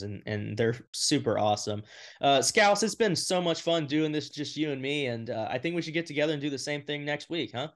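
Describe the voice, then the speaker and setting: Man, podcast host, mid pitch, upbeat, teasing, joking, casual chat.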